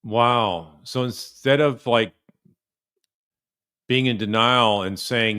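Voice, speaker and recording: A man's voice: mid-range voice, takes it slowly, pauses often, sharp tone, clear, resonant tone. A man, an attorney, giving sarcastic commentary on a video with incredulous asides.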